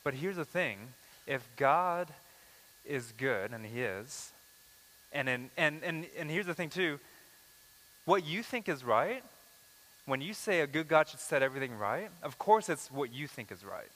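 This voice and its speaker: Bright-voiced male preacher in a reverberant hall. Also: a little high, lively intonation, unhurried. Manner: conversational preaching, acts out quoted lines, uneven pace. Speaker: pastor. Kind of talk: sermon.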